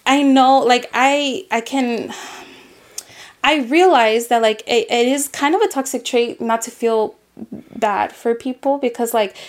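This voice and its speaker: Woman, high voice, casual podcast storytelling, animated, swears freely. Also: unhurried. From grew up in a Latino immigrant family in the US. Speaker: podcast co-host.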